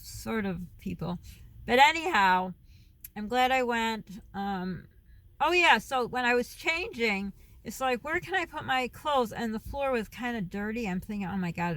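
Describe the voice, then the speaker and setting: A woman's voice: mid-range voice, a bit bright, no echo. Chatty, rambling middle-aged woman vlogger. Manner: rambling, loses her thread and veers off topic; chatty, with frequent laughs. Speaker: vlogger and mom. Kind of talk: casual chat to camera. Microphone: camera phone.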